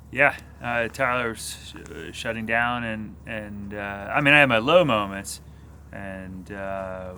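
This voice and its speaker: A man who races bikes, talking in a steady, plain-spoken way on a cycling vlog. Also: lowish voice, vocal fry, background noise. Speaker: professional cyclist. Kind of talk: casual vlog talk.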